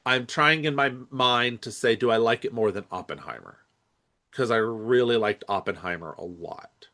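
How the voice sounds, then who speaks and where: A podcast co-host chats casually about movies in a bright, pushed voice of medium pitch at normal speed. He rambles and hesitates, filling his talk with lots of fillers.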